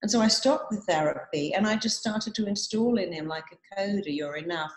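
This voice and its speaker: A woman's voice: mid-range voice, fairly quick, echoey room, rough recording. A woman giving a motivational talk, telling client stories and repeating affirmations. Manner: warm storytelling, quoting clients, repeating affirmations.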